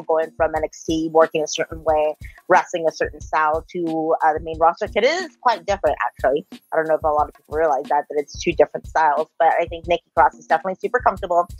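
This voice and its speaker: A woman's voice: on the low side, rough recording. Chatty woman reviewing wrestling. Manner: chatty, frequent "like" fillers, exasperated opinions. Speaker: podcast co-host. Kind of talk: casual wrestling review chat.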